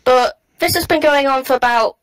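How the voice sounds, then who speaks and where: Casting: English woman, podcast co-host, a bit high-voiced, thoughtful and explanatory. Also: moderate pace, fairly bright tone, smooth, rough recording. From England. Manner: thoughtful, searching for words. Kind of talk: casual podcast chat.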